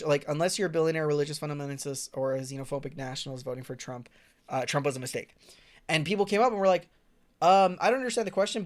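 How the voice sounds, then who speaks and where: A young man giving profane, sarcastic reaction commentary in a casual rant. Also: medium pitch. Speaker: commentary streamer.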